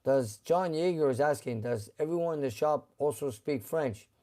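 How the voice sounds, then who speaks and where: A middle-aged man who owns a garage, hosting a live stream in a relaxed, halting way with many fillers as he reads out viewer comments. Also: a little high.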